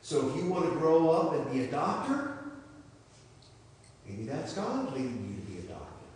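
A man giving a children's sermon as pastor, telling a story in an animated way and asking questions. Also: a little high, moderate pace, a little hiss or hum. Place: church sanctuary. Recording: echoey church hall, mic far off.

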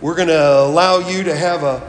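High-voiced pastor in an echoey church. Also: male voice, normal speed, slight background noise. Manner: animated, playful with children. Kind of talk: children's sermon. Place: church sanctuary. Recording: echoey hall from far off.

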